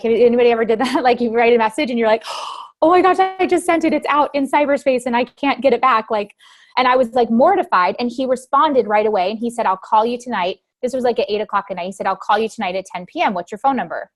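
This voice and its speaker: A woman in her thirties telling a team meeting a motivational story from her own life, acting out her past panic in lively bursts. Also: mid-range voice. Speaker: motivational speaker.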